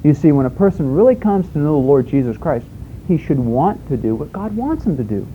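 Dark-voiced man preaching conversationally. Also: on the high side, sing-song, fairly quick, a little hiss or hum, low-quality recording. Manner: conversational preaching with rhetorical questions and homespun stories. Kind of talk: sermon.

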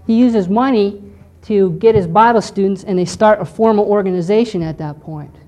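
A woman's voice: mid-range voice, moderate pace, mellow. Woman lecturing, checking in with "okay". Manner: explanatory, checks in with frequent "okay". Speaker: teacher. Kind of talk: lecture on church history.

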